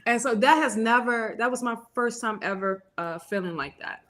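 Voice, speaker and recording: Lively, sniffly woman with a higher voice. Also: normal speed. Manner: lively, laughs often, folksy talk. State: sniffly with a cold. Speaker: tarot reader and show host. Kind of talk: casual live-stream chat.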